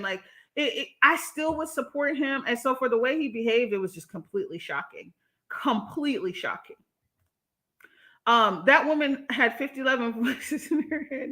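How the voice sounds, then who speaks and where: High bright sassy woman. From Jamaica. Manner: sassy, animated, laughing between points. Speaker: YouTuber reading live chat. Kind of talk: live-stream commentary.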